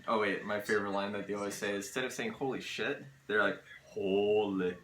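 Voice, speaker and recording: A man's voice: fairly low pitch, fairly even intonation, fast talker, pushed and bright. A man being interviewed as a guest in a casual chat, laid-back and a little hesitant. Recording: echoey room with faint noise.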